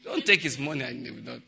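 A man's voice: medium pitch, animated, normal speed, creaky, bright, forceful tone, a little hiss or hum. A man preaching a sermon, telling stories and acting out the dialogue. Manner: storytelling, acting out dialogue, frequent laughter.

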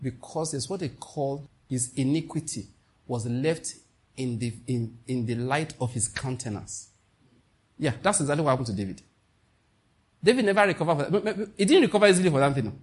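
A man's voice: mid-range voice, a little fast, husky. A man with a Nigerian accent preaching a sermon with passion, slipping into pidgin asides. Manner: impassioned, mixing in pidgin asides.

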